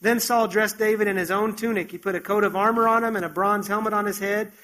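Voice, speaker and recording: A man with a notably high voice preaching a sermon. He tells the story in an animated, chatty way and breaks off for conversational asides to his listeners. His delivery moves between plain retelling and earnest exhortation. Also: quick pace, poor audio.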